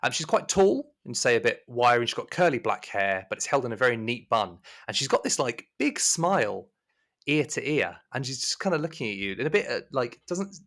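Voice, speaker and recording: A man's voice: mid-range voice, sing-song, brisk, fairly bright tone. A man narrating a tabletop horror game as game master, in a rambling way full of fillers.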